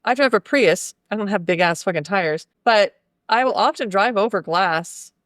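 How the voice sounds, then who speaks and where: Sarcastic, animated podcast co-host; voice close to the mic with no room sound. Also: medium pitch, moderate pace, dry recording. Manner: blunt, sarcastic asides with swearing. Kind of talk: casual chat.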